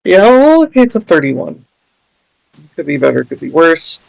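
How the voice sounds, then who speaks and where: A man's voice: on the high side, very animated, normal speed, gravelly, poor audio. A man playing a tabletop game over an online call, hesitant and joking. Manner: hesitant, joking, many fillers. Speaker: player. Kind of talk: casual tabletop game play.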